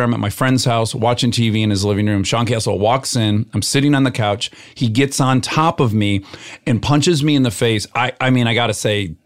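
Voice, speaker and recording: A middle-aged man telling a story in casual chat, animated and acting out what people said. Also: fairly low pitch. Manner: animated storyteller, acts out quoted shouting.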